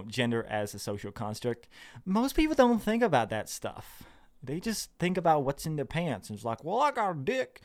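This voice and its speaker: A man chatting casually on his vlog from his basement office at home, rambling with lots of fillers, restarts and laughs. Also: medium pitch. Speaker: video creator.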